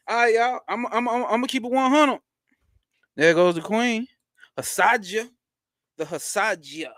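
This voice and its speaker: A man hosting a casual livestream from home into a close mic, using loose, slangy street talk and a lot of swearing. He greets viewers by name and gets excited fast. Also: clean tone, no room sound. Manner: swearing, excitable, jumps up in pitch when hyped. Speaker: livestream host.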